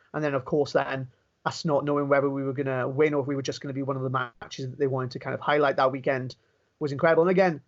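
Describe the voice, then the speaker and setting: A Welsh wrestler tells his story in a casual interview, talking in animated bursts and often starting his sentences over. His voice sits a little high for a man. The audio is muffled and lo-fi. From Wales. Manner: animated, quick storytelling with many restarts. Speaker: professional wrestler, interview guest.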